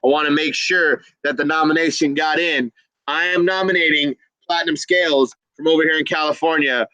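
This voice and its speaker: Upbeat male stream host, slightly high voice, dry close sound, chatty. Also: a bit bright, no echo, low-quality recording. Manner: upbeat, enthusiastic, reads chat aloud. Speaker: livestream host. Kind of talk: casual livestream chat.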